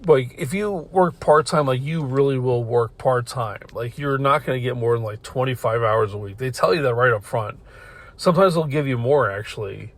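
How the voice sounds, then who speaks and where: A man's voice: medium pitch, moderate pace, fairly bright tone. A man hosting a podcast from his car, telling a story in a loose, rambling way. He swears a lot, laughs often and keeps restarting his sentences. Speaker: podcast host. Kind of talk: casual storytelling.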